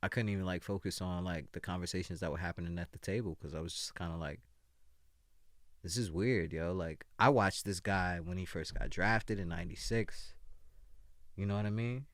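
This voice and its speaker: A man's voice: sits low, fairly quick, dry recording, clean studio sound. A young man co-hosting a podcast in casual chat, telling stories animatedly and acting out what people said. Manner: animated storytelling, acts out quotes. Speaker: podcast co-host.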